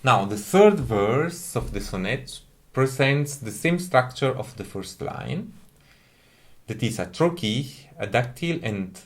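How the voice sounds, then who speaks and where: A man's voice: medium pitch, animated, slow. A man giving a careful, methodical lecture on music, explaining each point step by step.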